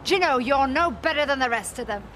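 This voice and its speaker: Give me a hurt, exasperated woman in a TV drama. She pleads high and rises sharply, her voice swooping all over. Noticeable background noise sits under the recording. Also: expressive, fast, a bit bright. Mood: pleading. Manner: emotional, pleading then scolding. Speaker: woman pleading with a former fiancé.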